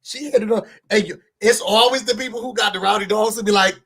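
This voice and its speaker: A man from New York reviewing a reality show for his viewers in casual chat, an animated, slangy storyteller. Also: high voice, quick pace, breathy edge. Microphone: studio microphone.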